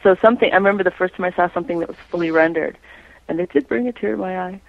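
A woman's voice: lowish voice, very fast, creaky, no room sound, lo-fi sound. A woman being interviewed about her own artwork, chatting casually and breaking into playful impressions. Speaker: creator and artist being interviewed.

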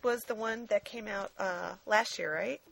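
A woman's voice: mid-range voice, unhurried, gravelly, a bit bright, slightly rough. Frank, chatty woman reviewing a movie. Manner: frank and chatty, swears freely, many ums. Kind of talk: casual review chat.

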